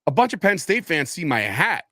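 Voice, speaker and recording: Male co-host, lively swinging pitch, laughs a lot, dry close sound. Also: moderate pace, no room sound. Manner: laughs often, lively banter. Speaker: podcast co-host. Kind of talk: casual sports chat.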